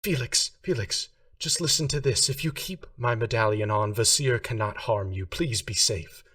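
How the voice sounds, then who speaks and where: A man voicing a female spirit who speaks quickly and earnestly, heard from a distance. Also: medium pitch, fairly bright tone, dry recording, studio quality, lightly acted. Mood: pleading.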